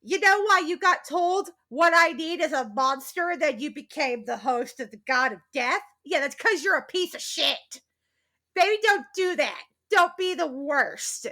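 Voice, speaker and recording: A woman's voice: high voice, lively intonation, normal speed, bright, forceful tone. A woman co-hosting a podcast in casual chat, ranting emphatically and swearing. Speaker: podcast co-host.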